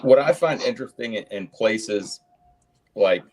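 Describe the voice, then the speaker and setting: A man's voice: fairly low pitch, lively intonation, measured pace, a little mellow. A man in casual chat, giving thoughtful, long explanations in a musing tone.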